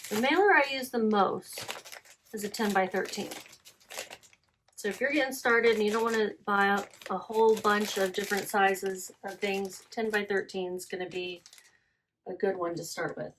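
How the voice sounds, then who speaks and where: A woman's voice: medium pitch, fairly even intonation, normal speed, a bit bright, a little hiss or hum. A woman chatting casually about items she resold online, correcting herself as she goes and reading out listing details. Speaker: online reseller. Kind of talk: casual selling vlog.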